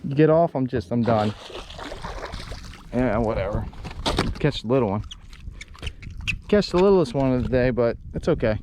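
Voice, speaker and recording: A man fishing from a boat and talking to his viewers. He rambles and sounds frustrated, and his voice sits at an ordinary middle pitch. Faint outdoor noise runs under the camera mic, and at times he is farther from it. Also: expressive, normal speed, long pauses. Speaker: fishing vlogger. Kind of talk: casual outdoor fishing vlog.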